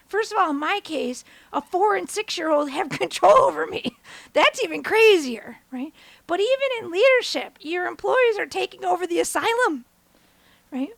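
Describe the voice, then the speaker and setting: Animated woman host with a gravelly edge. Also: moderate pace, no room sound. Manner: animated, acts out quotes with big pitch jumps. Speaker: podcast host. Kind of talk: motivational storytelling monologue.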